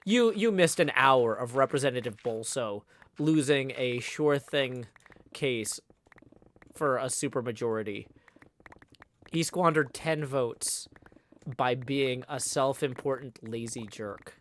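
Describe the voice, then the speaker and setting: A man's voice: medium pitch, slow pace, fairly bright tone. A man hosting a casual livestream, talking in a rambling, irritated way with many restarts. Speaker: livestream host.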